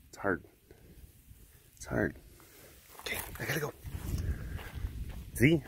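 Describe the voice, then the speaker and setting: A man's voice: on the high side, big pitch swings, slow, vocal fry, long pauses, slight background noise. Playful man cooing at big cats. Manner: playful, coos at the animals. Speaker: vlog host at a big cat facility. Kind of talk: casual walking vlog. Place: outdoors at an animal compound.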